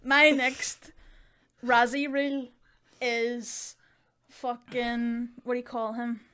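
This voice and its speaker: A woman's voice: a little high, flat delivery, extremely slow, fairly bright tone, smooth. A woman co-hosting a comedy podcast, teasing her co-host in dry, casual chat.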